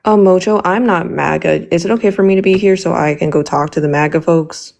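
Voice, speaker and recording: A woman's voice: fairly low pitch, brisk, creaky, a little mellow. A young woman speaking as a guest in a casual political debate, hesitant and full of fillers.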